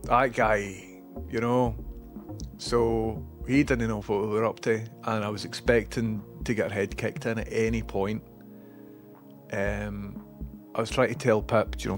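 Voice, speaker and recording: A man's voice: lowish voice, little pitch movement, measured pace, soft background music. A man with a Scottish accent who streams, rambling casually and self-mockingly while reading out viewer messages.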